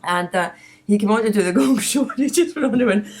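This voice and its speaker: A middle-aged woman hosting a podcast in casual chat, a chatty storyteller whose voice often drops and trails off softly. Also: mid-range voice, animated, fast. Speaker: podcast host.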